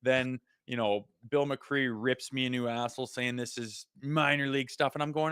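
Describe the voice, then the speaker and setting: A man's voice: mid-range voice, moderate pace, few pauses, smooth, dry recording, clean studio sound. A Canadian man in his thirties, a former player co-hosting a casual hockey podcast, telling stories and acting out what people said. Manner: animated storytelling, acts out quotes. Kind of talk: casual sports podcast chat.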